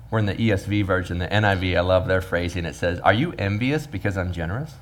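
A man's voice: sits low, quick pace, hardly any pauses. A man, a pastor preaching a sermon and acting out the workers with humor. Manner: animated, acts out the workers' voices with humor.

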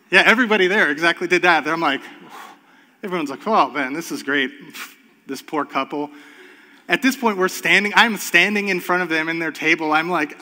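A man's voice: a little high, fast, sharp tone. A man in his thirties, a pastor, preaching a sermon and telling a story with acted-out voices. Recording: long hall reverb.

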